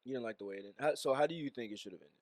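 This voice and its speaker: Measured man co-hosting a podcast. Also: medium pitch, no echo. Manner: measured, filler-heavy with frequent "you know". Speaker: podcast co-host. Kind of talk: casual movie review chat.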